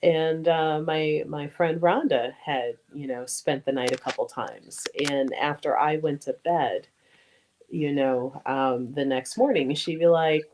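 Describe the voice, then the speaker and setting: A woman's voice: low voice, measured pace, poor audio. A woman co-hosting a casual chat, reading out viewer questions and telling her own stories. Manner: reads questions aloud, relaxed with soft fillers.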